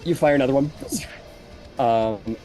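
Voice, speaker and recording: A man's voice: mid-range voice, measured pace, warm tone. A man narrating a tabletop game as game master, in a loose, casual style full of fillers. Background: faint background music.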